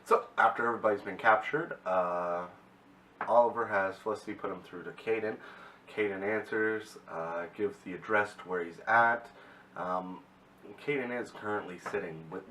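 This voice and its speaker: Low-voiced man recapping in an echoey room. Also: normal speed, sharp tone, distant mic. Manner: rambling, corrects himself often. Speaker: TV episode reviewer. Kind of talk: casual episode recap. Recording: echoey room, mic set back, faint hiss.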